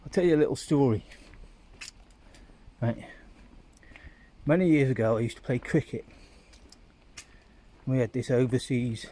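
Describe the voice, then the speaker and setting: A man's voice: mid-range voice, unhurried, long pauses, mellow, slight background noise. A man rambling through a casual walking vlog outdoors on town streets, chatting like a storyteller into a handheld phone. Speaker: vlogger.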